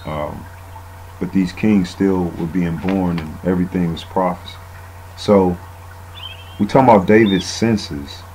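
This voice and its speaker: A man's voice: low voice, fairly even intonation, unhurried, long pauses, warm tone, a little hiss or hum, rough recording. A man giving a casual, rambling bible teaching, often saying "man" and using fillers.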